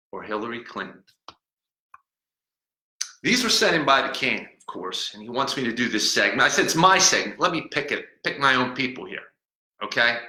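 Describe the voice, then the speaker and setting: A man's voice: mid-range voice, sharp tone. A man hosting a comedic podcast as a boastful, cranky talking-bottle persona, rambling and mocking and stumbling over words. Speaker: podcast host. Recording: echoey room.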